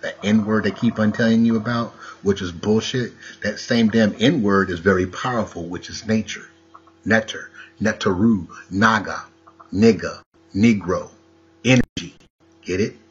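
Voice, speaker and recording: Husky low-voiced guy preaching slow, lo-fi sound, lots of rhetorical questions. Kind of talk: rambling wordplay monologue.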